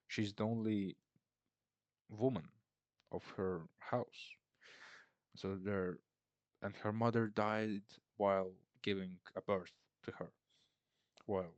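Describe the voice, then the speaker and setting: A man's voice: fairly low pitch, darkish tone, no room sound. A man casually recapping a film in a rambling, sarcastic way, mocking the characters. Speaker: film reviewer.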